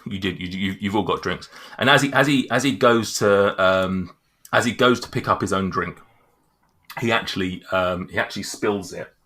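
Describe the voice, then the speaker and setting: A man narrating as game master, halting and full of fillers. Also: low voice, sharp tone.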